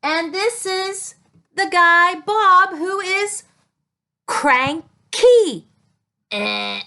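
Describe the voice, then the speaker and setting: A woman speech-language pathologist teaching young children a speech sound with toys, talking slowly and stretching her sounds. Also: very high-pitched, expressive, sharp tone.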